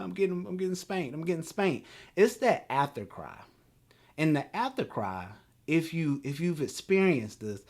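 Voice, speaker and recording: Animated storytelling man. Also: mid-range voice. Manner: animated storyteller, laughs between lines. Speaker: podcast host. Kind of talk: storytelling talk.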